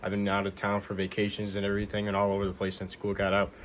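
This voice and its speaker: A man's voice: fairly low pitch, monotone, fast talker, a little hiss or hum. A man casually recapping a show as a vlog host, rambling and repeating himself as he retells what happened. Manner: rambling, repeats "he goes" often. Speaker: wrestling recap vlogger.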